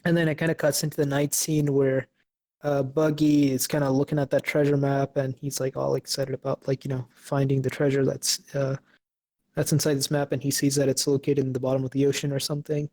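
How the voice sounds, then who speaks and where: A man's voice: mid-range voice, completely flat delivery, fairly quick, a little mellow. A young man co-hosting a podcast, recapping an episode casually with lots of fillers and restarts. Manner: hesitant, many fillers and restarts. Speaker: podcast co-host.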